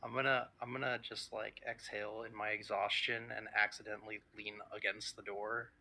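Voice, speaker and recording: A man's voice: fairly low pitch, flat delivery, moderate pace, creaky, bright, forceful tone. A man joking around as a player in a tabletop role-playing game.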